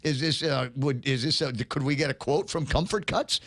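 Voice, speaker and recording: A man's voice: on the high side, normal speed, noisy background. A man hosting a morning radio talk show, rambling casually with many restarts and reading out listener comments. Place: radio studio.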